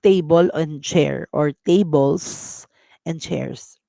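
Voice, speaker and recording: A woman with a Filipino accent teaching a casual language lesson, drilling words slowly and mixing English with Tagalog. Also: sits low, dark tone, no echo. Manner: clears throat often.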